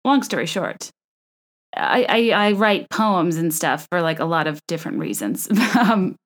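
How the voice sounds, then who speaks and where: Young woman from the American South, solo podcast host, rambling and self-deprecating, slightly low. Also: animated, measured pace. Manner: chatty, self-deprecating, rambling with restarts and laughs. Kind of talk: casual solo podcast monologue.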